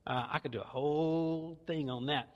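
A man's voice: on the high side, normal speed, long reverb tail, muffled recording. A man with a Southern US accent preaching a sermon, folksy and conversational with playful asides. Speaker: pastor. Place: church.

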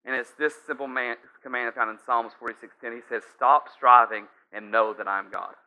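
A man's voice: mid-range voice, fairly even intonation, normal speed, pushed and bright, clear, resonant tone. A man preaching a sermon in a conversational, storytelling way, with frequent asides to the listeners. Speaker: pastor. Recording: slightly dull lo-fi sound.

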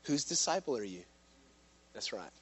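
A man preaching a sermon to a live room, impassioned, swinging from loud urgent lines to hushed ones. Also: mid-range voice, sing-song, normal speed, slightly rough. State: out of breath at times. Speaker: pastor.

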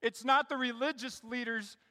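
A middle-aged pastor gives a sermon at the front of a church sanctuary, speaking at normal speed with fairly even intonation in a high, bright voice. His storytelling is conversational and frequently aimed straight at the congregation, and the large space's long reverb hangs on each phrase.

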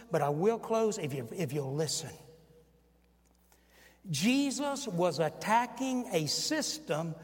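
An older man in his sixties preaching a sermon with emphatic delivery, his voice climbing when he quotes and sinking low for asides. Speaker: pastor. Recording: long hall reverb.

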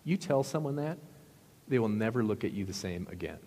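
Brief: sly, accusing devil, played by a man, low voice, echoey hall. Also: lively intonation, a little fast, dark tone, slight background noise. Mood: taunting. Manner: coaxing, accusing. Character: sly tempting male devil, the liar.

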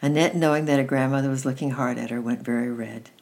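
A woman reads a children's story aloud in a gentle, unhurried way, now and then stumbling and restarting a phrase. Her voice sits unusually low for a woman. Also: fairly even intonation. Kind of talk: reading a children's book aloud.

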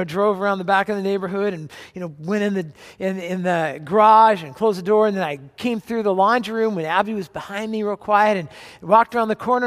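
A man's voice: high-pitched, fairly bright tone. A man in his forties preaching a sermon as pastor, conversational and joking as he tells family stories. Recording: long reverb of a large hall.

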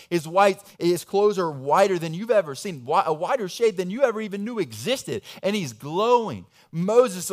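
Animated man preaching a sermon. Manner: animated preaching, swings from loud emphasis to low asides. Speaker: pastor.

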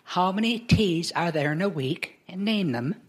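A woman voicing Saint Peter, a calm old male gatekeeper, who asks his questions slowly and deliberately. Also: fairly low pitch, breathy edge. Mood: patient.

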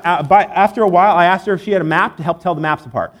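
A man's voice: on the high side, rapid-fire, few pauses. Casual joking man preaching. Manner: conversational, joking, many fillers. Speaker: pastor. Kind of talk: sermon. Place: church.

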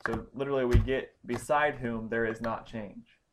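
A man's voice: mid-range voice, fairly even intonation, normal speed, background noise. Man methodically teaching Greek grammar. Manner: methodical, explanatory, with frequent ums and restarts. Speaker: Bible study teacher. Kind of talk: explaining Greek grammar in a Bible lesson.

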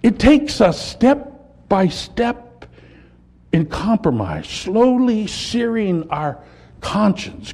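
Husky-voiced man preaching with swelling passion. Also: high voice. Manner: impassioned preaching that swells and drops to quiet. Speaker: pastor. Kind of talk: sermon.

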